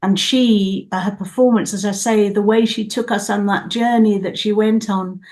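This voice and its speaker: A woman's voice: mid-range voice, fairly even intonation, normal speed, a little mellow. An older woman, a guest performer, gushing with effusive praise in a casual studio interview.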